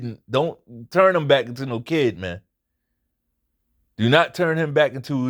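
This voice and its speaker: A man's voice: medium pitch, animated, moderate pace, a bit bright. A man hosting his own boxing commentary channel, giving a casual fight recap. He talks bluntly and swears often, and he repeats his points for emphasis.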